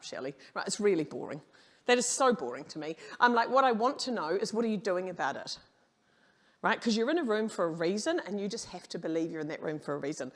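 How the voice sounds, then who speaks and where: A middle-aged woman, giving a conference presentation in an animated, frank storytelling manner with quoted dialogue. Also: medium pitch. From New Zealand. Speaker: keynote speaker.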